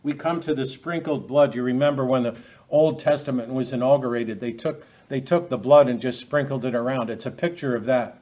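A man's voice: medium pitch, brisk, a little mellow. A man preaching an expository sermon, talking unscripted with frequent restarts and rhetorical questions to his listeners.

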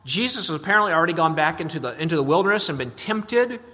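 A pastor with a bright, forceful voice pitched a little high delivers an earnest sermon. He doubles words as he restarts thoughts and lifts his voice on questions. The sound carries the long reverb of a large sanctuary. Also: expressive, fast. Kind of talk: expository sermon.

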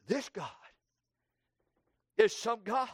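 A man preaching a sermon with fervor, swinging between loud cries and hushed tones and repeating his phrases for emphasis. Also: high voice, slow pace, breathy edge, dry recording.

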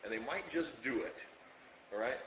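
A man's voice: medium pitch, lively intonation, moderate pace, a bit bright, far from the mic, a little hiss or hum. Echoey lo-fi sermon by a male pastor. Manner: conversational, checks in with "okay?" often. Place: church hall, room with congregation. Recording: echoey lo-fi room recording from afar.

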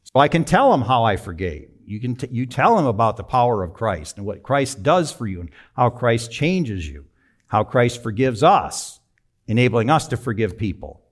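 A man in his sixties telling a personal story in a sermon, conversational and emphatic, with sudden drops to a low, quiet voice. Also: very animated, moderate pace. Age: 60s. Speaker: preacher.

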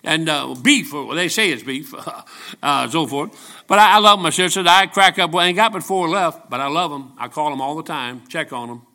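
An older man preaching a folksy, joking sermon full of stories, rising into shouted peaks. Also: a little high, moderate pace.

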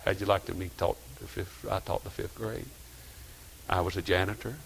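An older man, preaching a sermon in a folksy storytelling way, dropping to quiet asides and rising to loud exhortation. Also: low-pitched, steady tone, moderate pace, vocal fry, slight background noise. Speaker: pastor.

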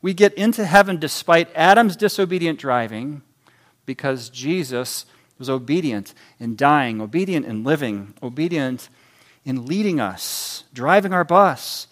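A man preaching a sermon, animated, acting out voices in his illustrations. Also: a little high, unhurried.

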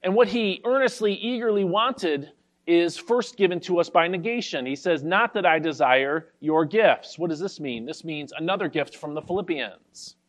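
A man pastor giving an expository sermon, carefully explaining a Bible verse and reading the scripture slowly. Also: sits high.

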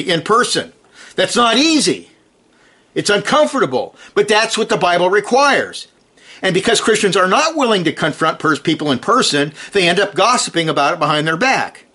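His voice on the high side and a bit bright, a man delivers an earnest, emphatic sermon. He reads scripture slowly with increasing stress and drives his points home by repeating short commands.

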